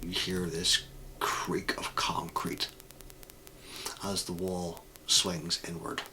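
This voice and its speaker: Deep-voiced man narrating a tabletop game. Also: completely flat delivery, takes it slowly, vocal fry, pushed and bright, slight background noise, poor audio. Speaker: game master.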